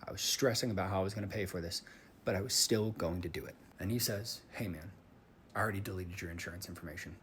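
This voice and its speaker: A man telling a personal story in a candid, casual monologue, swearing freely and shifting between calm and worked-up. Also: sits low, slight background noise. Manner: candid, swears often, emotional swings. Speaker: vlogger.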